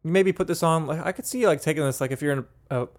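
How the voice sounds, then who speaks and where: A man co-hosting a music podcast, talking in a casual, hesitant way with many pauses and restarts. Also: on the high side. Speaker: podcast co-host. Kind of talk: casual chat.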